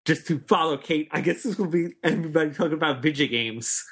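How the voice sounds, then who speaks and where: A man hosts a casual podcast in an easygoing way. He pauses often and fills the gaps with hesitant sounds. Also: a little high, breathy edge. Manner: relaxed, easygoing, hesitant fillers. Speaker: podcast host.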